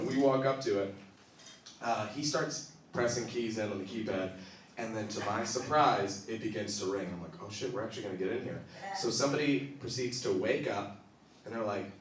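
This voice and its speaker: Man, stand-up comedian, animated storytelling, very echoey club, faint room noise. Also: lowish voice, unhurried, recorded from a distance. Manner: animated, breaks into laughter, acts out quotes.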